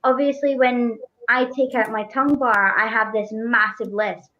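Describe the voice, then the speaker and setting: A chatty, curious woman co-hosts a casual livestream and swears now and then. Her voice sits a little high. The audio is dull and lo-fi. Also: fairly even intonation, normal speed, slight background noise. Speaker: co-host.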